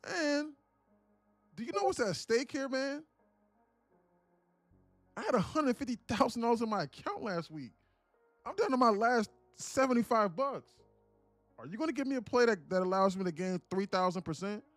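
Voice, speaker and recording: A man voicing an irate male trader who has lost his money, profane and indignant, shouting at a streamer. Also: on the high side, big pitch swings, a little fast, long pauses, dry recording, soft background music. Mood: desperate.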